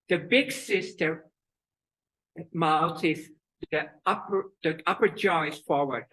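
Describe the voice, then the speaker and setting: A woman teaching children's breathing exercises and telling a story, with halting speech and fillers. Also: sits low, fairly bright tone, rough recording. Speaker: kids yoga teacher.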